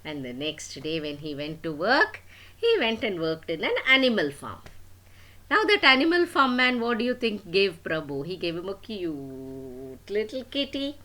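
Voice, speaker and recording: An older woman reading a children's tale aloud, slow and unhurried, with a very lively, sing-song voice. She plays with her listeners, asking what happens next and adding little sound effects. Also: fairly low pitch. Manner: playful, asks the listener questions, sound effects. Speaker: storyteller. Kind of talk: storytelling to children.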